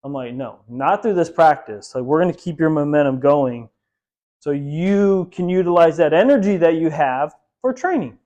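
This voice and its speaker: A man's voice: fairly high pitch, animated, moderate pace, mellow, dull audio. Chatty man coaching a dog lesson. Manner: casual, chatty, laughs often, many "like" fillers. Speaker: dog trainer. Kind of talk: hands-on training lesson.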